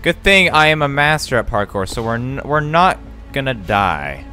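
A man doing let's play commentary, giggly and excitable, swearing often and cooing at a pet. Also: medium pitch, normal speed, soft background music. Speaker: gaming YouTuber.

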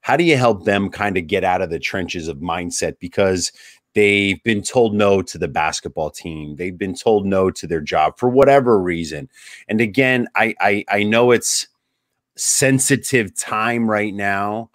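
Podcast host, man, lowish voice, dry close sound, laid-back questioning. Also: unhurried, dry recording. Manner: casual, calls guest bro, searching phrasing. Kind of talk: conversational interview.

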